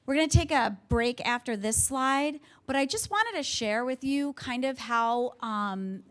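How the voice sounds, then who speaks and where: A woman's voice: sits high, lively intonation, unhurried, a bit bright. A woman presenting a staff development session in an earnest, conversational way, sharing personal stories. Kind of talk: teaching a staff workshop.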